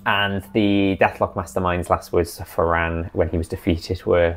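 A man recapping his tabletop campaign as dungeon master, in a chatty, animated way. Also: deep voice, moderate pace, few pauses.

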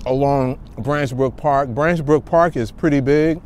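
A man's voice: medium pitch, a little slow, a little mellow, a little hiss or hum. A man from Newark, chatting casually to his viewers as a food vlogger while eating outdoors in a city park. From Newark, New Jersey. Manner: chatty, talks straight to viewers as "y'all". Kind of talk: casual chat to camera.

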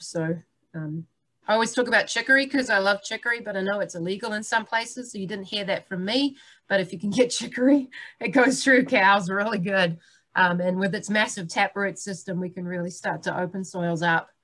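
A middle-aged woman, giving a lively, chatty conference talk as a soil health speaker and joking with her audience. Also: medium pitch. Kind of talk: conference presentation.

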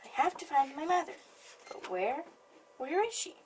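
A woman voicing a small lost baby bird with high, pleading, childlike cries in a storybook reading. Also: very animated, normal speed, a little hiss or hum, poor audio.

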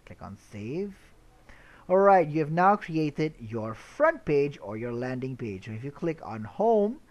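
A man explaining website setup step by step in a screen-recorded tutorial, relaxed, with frequent "uh" and "all right?" checks. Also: a little high, a little slow, highs cut off. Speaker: web tutorial instructor.

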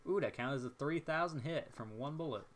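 Young male gameplay commentator, mid-range voice; excitable, self-mocking running chatter. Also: mid-range voice, a little fast, slight background noise. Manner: excitable, jokey, talks to himself while playing.

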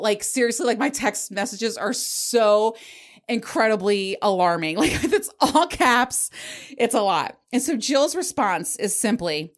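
A woman's voice: mid-range voice, sing-song, a little slow. A woman around forty hosting a podcast, telling a story in casual chat, candid, swearing freely and laughing as she goes. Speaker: podcast host.

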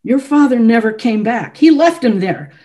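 An ailing, intense male composer, read aloud by a woman from a novel. He speaks slowly and weighs every word. The tone stays mellow and soft. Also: mid-range voice, animated, pitched above the performer's own voice, close to an everyday voice. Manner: slow, weighted speech.

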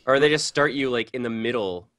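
A man's voice: medium pitch, a little fast, a bit bright, slight background noise. A man who is a guest voice actor, chatting casually, joking around and putting on silly voices. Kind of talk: casual chat.

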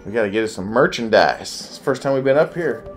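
A man playing a video game with his child, chatting casually and cheering excitedly, game music behind him. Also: medium pitch. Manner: excitable, cheers his kid on with rapid repeated urging. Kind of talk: casual gameplay chat.

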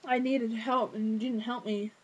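A woman's voice: fairly high pitch, flat delivery, moderate pace, husky, rough recording. A teenage girl, ranting casually to camera with lots of fillers, exasperated. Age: teens. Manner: exasperated, rambling with many fillers. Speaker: vlogger.

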